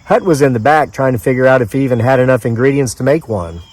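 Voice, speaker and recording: A man's voice: medium pitch, lively intonation, fast, a little mellow, no room sound. A man from the mid-Atlantic United States reading his own story aloud outdoors in the woods, in a dry, conversational storyteller's manner with offhand asides.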